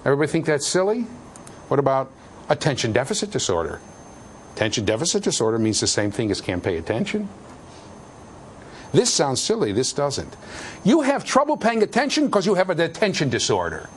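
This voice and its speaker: Animated, jokey male lecturer. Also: on the high side, fairly quick, long pauses, slight background noise. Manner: animated, jokey, shouts for emphasis. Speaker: university lecturer. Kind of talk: classroom lecture. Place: lecture hall with students.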